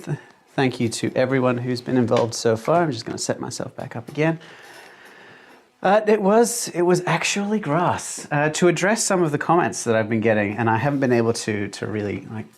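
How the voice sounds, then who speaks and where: This is a man raised in Australia who speaks with an English accent from his British parents. He has a mid-pitched, slightly gravelly voice. He chats casually and rambles to his livestream viewers from a small room at home. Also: a little fast. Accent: English accent from British parents, living in Australia. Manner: rambling and chatty, with many fillers and restarts. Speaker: livestream host and mapmaker. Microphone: desk mic, no headphones.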